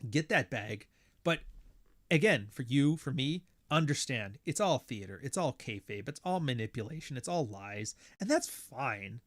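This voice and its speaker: A man hosting a podcast, talking in a blunt, profane, sardonic rant and slipping into quick impressions of other people as he tells stories. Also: mid-range voice. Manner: animated, mimics others mid-story. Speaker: podcast host. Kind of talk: casual ranting monologue.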